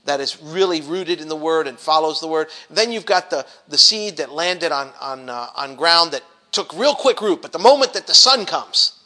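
A man's voice: a little high, expressive, normal speed, few pauses, bright, forceful tone. A middle-aged man leading an informal Bible study, talking animatedly with many restarts and acting out grumbling voices.

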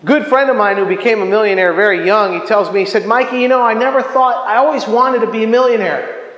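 A middle-aged pastor delivers a sermon quickly in a lively, chatty style, cracking jokes and laughing along with his own stories. His voice is high for a man. A long echo suggests he was recorded from across a church hall.

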